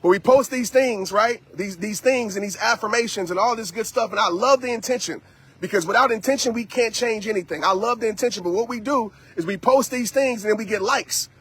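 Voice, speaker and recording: A man speaks to his live-stream viewers while out on a walk, pressing a motivational message with lots of repetition. His voice sits high for a man and has a husky, breathy edge. He sounds like he is talking into a phone held in his hand. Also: a little fast, fairly bright tone. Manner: preachy, repetitive, addresses audience directly.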